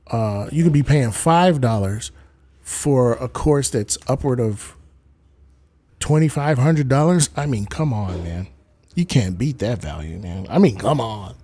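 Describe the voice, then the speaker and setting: A man's voice: medium pitch, mellow, no echo. A man hosting a casual livestream, goofy and rambling, who repeats bits and slips into mock accents. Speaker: livestream host.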